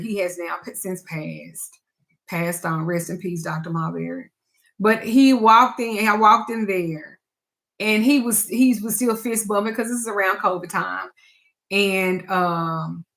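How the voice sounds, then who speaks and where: American lady reader talking real blunt, bright voice, cusses, preachy and frank. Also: medium pitch. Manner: frank, blunt and emphatic, with swearing and slang. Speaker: spiritual advisor and tarot reader. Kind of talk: candid talk to camera.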